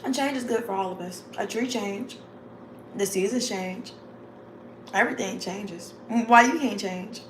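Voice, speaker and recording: A woman vlogger speaks a little slowly at medium pitch, drifting through a chatty, casual motivational talk. She laughs frequently and calls her viewers "y'all" and "babes." The recording is echoey, with faint background noise.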